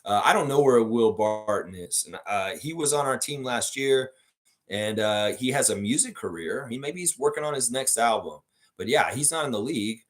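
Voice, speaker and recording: A man's voice: mid-range voice, expressive, normal speed. A man hosting a live basketball fan stream, talking in a blunt, rambling, profane way and reading viewer comments aloud. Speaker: sports fan show host.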